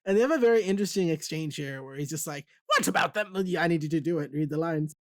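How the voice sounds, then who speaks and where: A man with a fairly high voice hosts a casual comic book show, animatedly walking through the scenes. He slips into the characters' lines as he retells them. The sound is dry and close, with no room echo. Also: fast talker, a little mellow. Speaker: podcast host.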